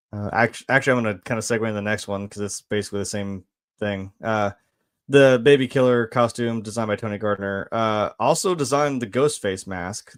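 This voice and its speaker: A man giving a casual film review, laid-back and rambling, with lots of fillers, swearing and quick laughs. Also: fairly low pitch.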